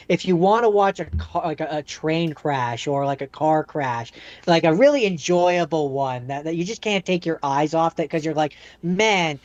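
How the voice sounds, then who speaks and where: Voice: mid-range voice, a little mellow. Easygoing podcast guest on a dull mic. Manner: laughing, easygoing. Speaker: podcast co-host. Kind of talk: casual chat.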